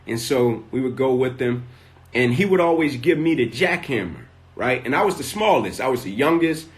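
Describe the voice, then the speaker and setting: Man, motivational speaker on a phone live stream. Middling pitch, vivid build-up, habitual "right?" tags. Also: lively intonation, moderate pace. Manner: tags nearly every sentence with "right?"; vivid storyteller, builds in intensity. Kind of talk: storytelling talk on a live stream.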